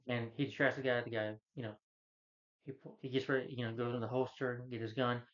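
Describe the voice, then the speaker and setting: A man's voice: medium pitch, level tone, brisk, a bit bright, highs cut off. Rambling man ranting about a movie. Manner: rambling, retells scenes acting out lines. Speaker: film reviewer. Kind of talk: casual spoken movie rant.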